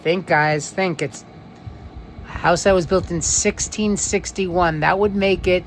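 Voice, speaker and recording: A man's voice: high voice, steady tone, a little hiss or hum. A man with a New York accent hosting a live stream, reading viewer comments aloud and running a quiz in a chatty way, drawing out key words and using lots of fillers. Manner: chatty, drawn-out emphasis, frequent fillers. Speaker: livestream host.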